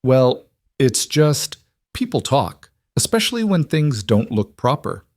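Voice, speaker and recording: A man's voice: mid-range voice, big pitch swings, a little slow, darkish tone, no room sound, clean studio sound, pitched above the performer's own voice. A man voicing a nervous middle-aged farmer who talks in a hesitant, placating way.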